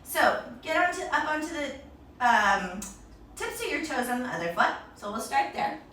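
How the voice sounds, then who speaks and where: A woman's voice: sits high, big pitch swings, normal speed, sharp tone, a little hiss or hum. A woman guiding a children's yoga class with a storybook, in a playful, encouraging, sing-song way. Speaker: kids yoga teacher. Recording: echoey room, voice from a distance.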